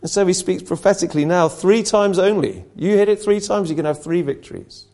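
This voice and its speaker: A man's voice: high voice, fairly quick, mellow. A male preacher giving a conversational sermon that retells a story and asks earnest rhetorical questions.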